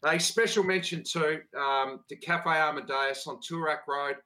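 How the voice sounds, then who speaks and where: Australian male podcast host, bright tone, laid-back storyteller. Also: on the high side, measured pace, rough recording. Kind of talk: casual chat.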